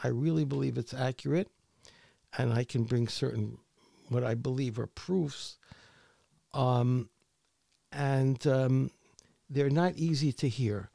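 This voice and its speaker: Male author, interview guest; unhurried, gravelly, hesitant delivery. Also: medium pitch, dark tone, no room sound, clean studio sound. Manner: halting, repeats words often. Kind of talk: conversational interview.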